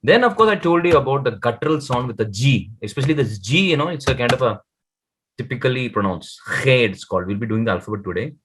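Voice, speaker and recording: A man teaching a beginner Dutch lesson over a video call, patient, and sounding out words very slowly. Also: mid-range voice, big pitch swings, fairly bright tone, slight background noise. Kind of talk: online one-to-one language lesson.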